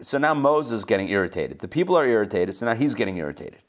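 A man's voice: fairly low pitch, sing-song, fast talker, hardly any pauses. A man teaching a Bible passage, reading verses aloud and breaking in with casual explanations and asides. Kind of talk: reading scripture with commentary.

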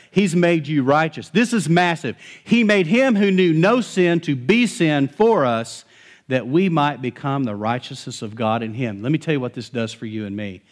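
A middle-aged male pastor delivers a sermon in a conversational, animated style with bits of humor, his voice a little high.

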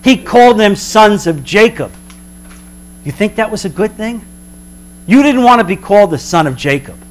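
A man preaching a sermon as a pastor, emphatic, slowing down for dramatic weight. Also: sits high, animated, a little hiss or hum.

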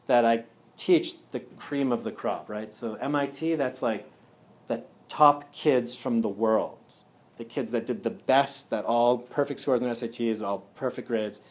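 A man's voice: mid-range voice, a little slow. A man speaking casually to a live audience at a wellness talk. He often checks in with "yeah?" and "right?".

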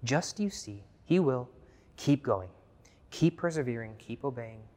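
A man preaching a sermon as pastor, earnest and repetitive, dropping to a hush and then rising loud again. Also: mid-range voice, lively intonation, measured pace. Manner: earnest, repeats key phrases, swings from hushed to loud. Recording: long reverb of a large hall.

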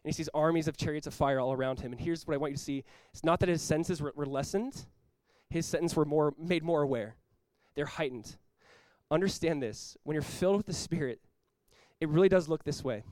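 A man's voice: on the high side, brisk, a little mellow, no room sound, low-quality recording. A man preaching a sermon as pastor, earnest and emphatic, often repeating words as he builds each point. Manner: acts out short quoted voices.

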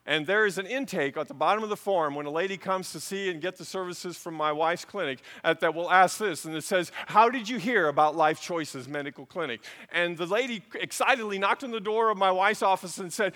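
Middle-aged male pastor, bright tense tone, storytelling sermon delivery. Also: high-pitched, a little fast, hardly any pauses, in a large hall. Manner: storytelling, swings from hushed to loud.

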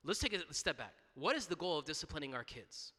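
Bright-voiced man preaching in an echoing church. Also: on the high side, very animated, fairly quick. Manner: conversational, frequent restarts and repeated words, asks "right?". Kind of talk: sermon.

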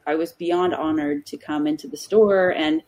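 A woman's voice: sits low, fairly even intonation, normal speed, a little mellow. A young adult woman, a guest author, chatting casually in an interview and telling stories with lots of ums and restarts.

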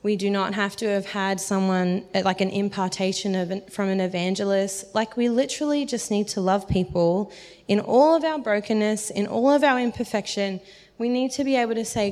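A woman's voice: mid-range voice, fairly quick, a little mellow. A woman preaching a sermon, telling self-deprecating stories in a chatty way and laughing often. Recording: long hall reverb.

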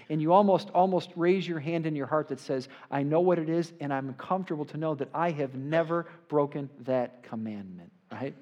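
Male pastor, emphatic sermon delivery, voice a touch higher than most men. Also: brisk, hardly any pauses. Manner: emphatic preaching, swells louder on quotes, asks "right?". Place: church sanctuary before a congregation.

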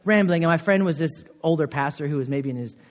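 A man's voice: fairly high pitch, fast talker. A young man giving a chapel sermon in a college chapel, talking in an earnest, conversational way with many fillers. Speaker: chapel speaker. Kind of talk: chapel sermon with personal story. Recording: long hall reverb.

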